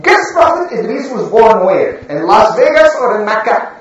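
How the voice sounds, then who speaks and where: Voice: mid-range voice, sing-song, moderate pace. A religious storyteller telling a lesson to children and asking the listeners questions. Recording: echoey room, far from mic, dull.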